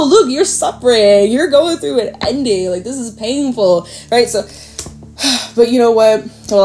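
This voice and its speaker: A woman's voice: on the low side, a little mellow. A woman giving a casual tarot reading to camera, chatty and rambling, with frequent fillers and the odd swear. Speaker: tarot reader. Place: home with a dog nearby.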